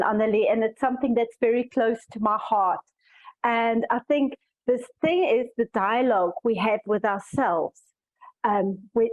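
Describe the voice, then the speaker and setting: Earnest woman coach on a muffled call. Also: a little high. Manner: thoughtful, earnest, with frequent restarts. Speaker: coach and summit speaker. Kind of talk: answering a panel question.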